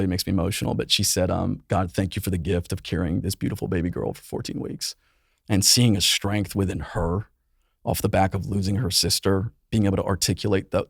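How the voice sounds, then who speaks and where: A man in his thirties, a youth pastor guest on a podcast, telling a painful personal story earnestly and with emotion, often softening his voice. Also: no echo, studio quality. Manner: earnest, emotional storytelling, voice drops low and soft in painful moments. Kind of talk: personal testimony in conversation.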